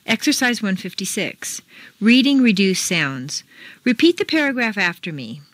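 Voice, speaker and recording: A woman's voice: medium pitch, big pitch swings, fairly bright tone, dry recording. Woman, accent-drill instructor, bouncy melodic delivery, dead-dry booth sound. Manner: slow, deliberate drill reading with exaggerated intonation. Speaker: pronunciation teacher. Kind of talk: scripted accent-training lesson.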